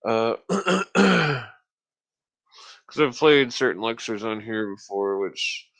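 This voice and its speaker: An American man talks alone into a podcast microphone in a loose, rambling rant. His voice sits at an ordinary middle pitch, and his speech is thick with swearing. He stops often to clear his throat. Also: sing-song, slow, fairly bright tone. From United States. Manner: profane, ranting, frequent throat clearing. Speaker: podcast host. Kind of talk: casual rambling monologue.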